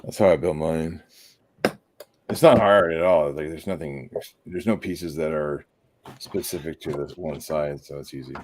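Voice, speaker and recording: A man from central Illinois in casual chat on a livestream, explaining things in a relaxed way and often restarting his sentences. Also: a bass voice, moderate pace, a little hiss or hum.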